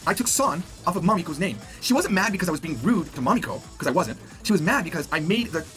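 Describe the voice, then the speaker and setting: A man teaching a video language lesson, animated and jokey, acting out example lines as he explains. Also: high voice, quick pace, faint music behind.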